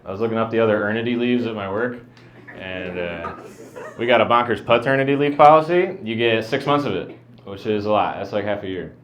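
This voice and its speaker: A man doing a stand-up set, mumbling in a flat deadpan. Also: lowish voice, a little fast, echoey room. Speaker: stand-up comedian. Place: comedy venue with a live audience. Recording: dull lo-fi live recording with crowd.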